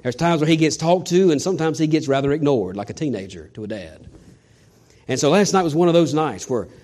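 Middle-aged guy preaching, earnest, bit high voice, gets loud then drops way down quiet. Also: lively intonation, fairly quick. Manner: earnest preaching with acted-out quotes, swells and drops in volume. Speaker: pastor. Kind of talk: sermon.

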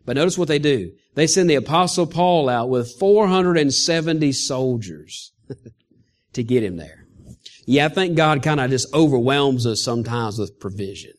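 A male pastor preaching an animated sermon, often chuckling as he speaks. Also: mid-range voice, moderate pace.

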